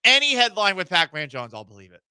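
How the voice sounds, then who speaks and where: A man's voice: high-pitched, very animated, quick pace, bright, forceful tone, clear, resonant tone, no echo. A man hosting a sports talk radio show in a studio, talking casually with a wry, sarcastic edge.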